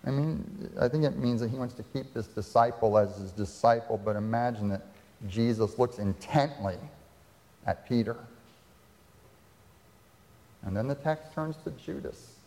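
A man's voice: mid-range voice, unhurried, pauses often, warm tone. Man preaching in a reverberant hall. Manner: dramatic retelling with rhetorical questions. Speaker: pastor. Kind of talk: sermon. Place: church sanctuary.

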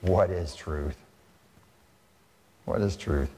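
A man's voice: low-pitched, drawn-out words, mellow, pitched below the performer's own voice, full character voice. Preacher doing a fed-up snarky roman governor guy, big echoey hall. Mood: dismissive. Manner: snarky, impatient. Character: weary, dismissive male Roman governor.

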